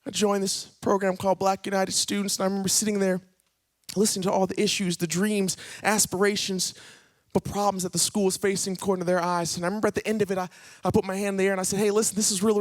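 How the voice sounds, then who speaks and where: Animated, high-voiced male preacher telling stories. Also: no room sound, clean studio sound. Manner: animated, acts out dialogue in his stories. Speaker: guest speaker. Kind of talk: storytelling sermon. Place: church stage.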